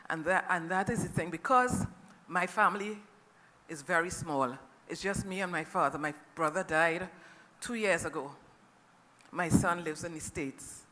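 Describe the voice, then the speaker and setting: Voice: medium pitch, pushed and bright. A middle-aged caregiver from Trinidad and Tobago, with a Trinidadian accent, gives an earnest, emotional personal testimony to a conference audience and often checks in with them. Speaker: family caregiver speaking at a conference. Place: conference hall. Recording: long reverb of a conference hall.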